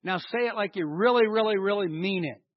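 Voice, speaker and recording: High-voiced man preaching a sermon. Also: fairly quick, no room sound, lo-fi sound. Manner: dynamic preaching with big swings in loudness and emphasis; leads the congregation in call and response. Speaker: pastor. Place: church hall with a congregation.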